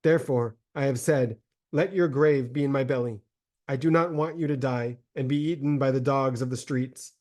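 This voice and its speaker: A man voicing a starving, grief-mad mother in a solemn, measured dramatic reading of a religious text. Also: mid-range voice, darkish tone, lightly acted. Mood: desperate tender.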